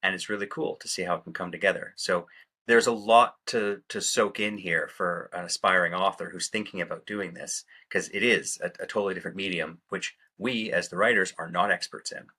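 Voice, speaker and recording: Deep, bright-toned man co-host. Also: fairly even intonation, fairly quick, breathy edge. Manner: hesitant, asks questions with many "uh"s. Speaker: podcast co-host. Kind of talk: casual podcast chat.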